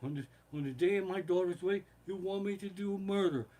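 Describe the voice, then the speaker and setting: A man putting on the voice of an aging mafia don, speaking softly and deliberately in a raised pitch. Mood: cold, displeased. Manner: soft, measured and raised in pitch. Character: aging Italian-American mafia don, calm and grave.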